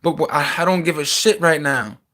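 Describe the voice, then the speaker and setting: A young man in a small house, venting a raw personal rant that swings between heated outbursts and quieter reflection. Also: fairly high pitch, moderate pace. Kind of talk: emotional personal rant to camera.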